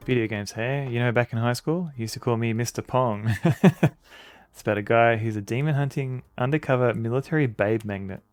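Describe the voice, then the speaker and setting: A man's voice: mid-range voice, a little fast, no room sound, faint music behind. A man streaming an old computer game, rambling casually, chuckling and greeting chat.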